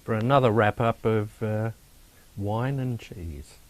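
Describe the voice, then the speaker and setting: Aussie guy teasing his mate, fairly low voice, laid back banter. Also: slow pace, no echo. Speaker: co-host. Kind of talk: casual chat.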